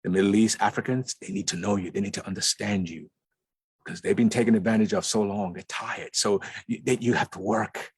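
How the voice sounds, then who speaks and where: A man's voice: lowish voice, fairly quick, slightly rough, dry recording. A man speaking as a guest in a lounge, talking emphatically and repeating words for stress. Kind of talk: conversational talk.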